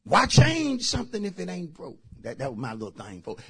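A man's voice: high-pitched, wildly swooping pitch, a little fast, hardly any pauses, pushed and bright, breathy edge. A middle-aged man, a pastor preaching a sermon with personal testimony. He talks fervently and repeats himself, addressing the congregation directly.

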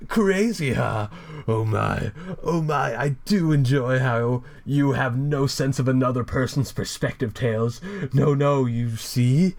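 A man putting on a deranged clown mascot villain who rants in a raised, drawn-out voice. He swings between sing-song menace and unhinged glee, reading like a twisted comic-book baddie. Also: mid-range voice, vocal fry, a little mellow, voice pushed up. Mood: manic. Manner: manic, drawn-out, theatrical menace.

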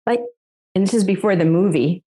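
A middle-aged American woman appears as an interview guest, sharing a personal faith testimony with earnest emotion and occasional laughs. Her medium-pitched voice is brisk and warm.

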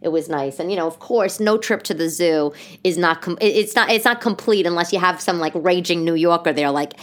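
A woman in her thirties hosts a casual solo podcast, talking a little fast in a fairly low voice. She's animated and rambles through her stories, acting out the voices of other people.

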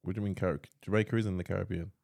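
A man's voice: deep voice, fairly even intonation, rapid-fire, gravelly, a little mellow. A man co-hosting a podcast in casual banter, teasing and quizzing his co-host, often laughing.

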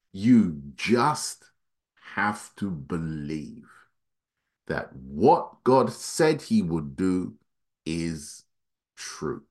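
A man preaching a sermon, his voice climbing for emphasis and then dropping low and quiet, reading scripture at a quick clip. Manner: dynamic preaching, voice rising high then dropping low and soft.

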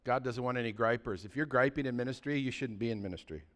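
A man preaching a sermon as pastor, swinging between loud, excited bursts and quiet, low asides. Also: quick pace.

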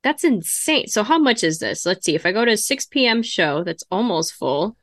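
Woman, podcast co-host, chatty, thinks aloud, bright voice, dry recording. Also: medium pitch, sing-song, normal speed, no echo. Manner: chatty, thinks aloud while browsing ticket sites. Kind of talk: casual chat.

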